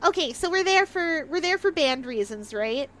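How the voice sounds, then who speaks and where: High-voiced Canadian woman streamer, rambling and jokey. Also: animated, a bit bright. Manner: rambling, jokey, quick asides. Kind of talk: casual game-stream chat.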